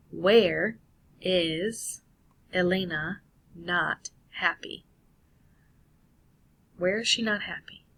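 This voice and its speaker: Woman, casual Spanish teacher talking through a lesson on screen; slow, slightly low voice. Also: a bit bright, husky. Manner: casual, talks through steps, self-correcting. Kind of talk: screen-recorded lesson walkthrough.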